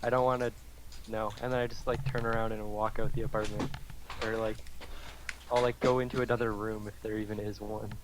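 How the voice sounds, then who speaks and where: A man's voice: fairly low pitch, little pitch movement, fairly quick, noisy background. A man speaking as a player in a casual tabletop game chat, hesitant and full of fillers.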